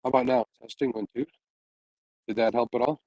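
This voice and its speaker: A man's voice: medium pitch, steady tone, fairly quick, darkish tone, dry recording, rough recording. A man hosting a casual fishing-channel livestream, chatting with viewers in a laid-back way and sounding sleepy. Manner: laid-back, chatty, with frequent fillers and little laughs. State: sleepy, yawning after a night without sleep. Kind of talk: casual livestream chat, reading viewer comments. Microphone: earbuds mic on a phone stream.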